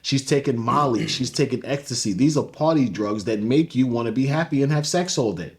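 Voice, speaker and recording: A man's voice: mid-range voice, a little fast. A man, a guest on an interview show, speaking bluntly and matter-of-factly. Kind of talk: candid interview talk.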